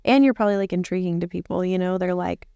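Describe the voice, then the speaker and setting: Woman guest, low smooth voice, earnest, dry close mic. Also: fast, mellow, no echo, highs cut off. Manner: thoughtful, earnest, affirming. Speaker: podcast guest. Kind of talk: casual chat.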